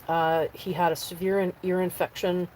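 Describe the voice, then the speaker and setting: A woman's voice: level tone, normal speed, a little mellow, slight background noise, low-quality recording. A woman chatting on a live stream from inside her camper van, talking to her viewers and her dogs. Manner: chatty, with pitch jumping high when talking to the dogs. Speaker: vanlife vlogger on a livestream. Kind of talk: casual live-stream chat.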